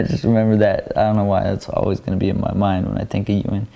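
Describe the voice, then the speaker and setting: A man with a low, mellow voice talks over skate footage, naming tricks and spots. He drifts into stories casually, with many fillers and restarts along the way. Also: quick pace, creaky, a little hiss or hum. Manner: relaxed, rambling storytelling with fillers. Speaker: pro skateboarder.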